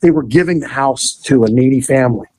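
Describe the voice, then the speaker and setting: Animated man telling police stories. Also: medium pitch, fast talker, dry recording, poor audio. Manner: animated, laughing and swearing freely. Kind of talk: casual anecdote telling.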